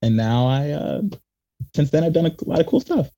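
A young man, a magician, telling rambling, animated stories in a casual interview and acting out quotes. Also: on the high side, moderate pace. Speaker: magician guest.

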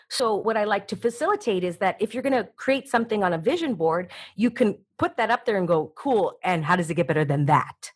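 A woman talking as an interview guest, energetic and coaching, often slipping into little acted-out voices. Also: medium pitch, husky. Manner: energetic, acts out voices in quotes. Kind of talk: animated interview talk.

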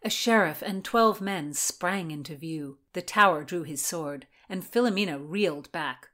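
Woman reading a story and explaining history. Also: fairly low pitch. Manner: even, measured reading, explanatory in discussion. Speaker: narrator and podcast co-host. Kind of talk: storybook narration and historical commentary.

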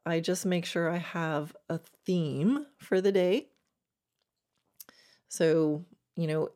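A woman's voice: fairly low pitch, mellow. A woman riding coach giving a reflective instructional talk about planning horse training, with a laugh now and then.

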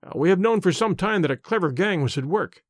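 A man reading the part of a bluff police inspector, hearty and confident and quick to exclaim. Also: high voice, expressive, dry recording, clean studio sound. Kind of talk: audiobook character reading.

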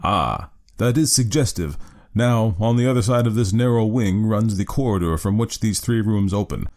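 Sherlock Holmes, cool and deliberate, read by a man. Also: lowish voice, a little mellow, lightly acted. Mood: calm. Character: cool, calculating male detective, commanding.

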